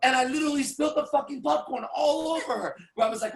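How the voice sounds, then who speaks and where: A man telling profane, animated stories to a small audience as a seminar speaker. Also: very high-pitched, racing, gravelly, few pauses, echoey room. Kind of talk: storytelling to a live audience.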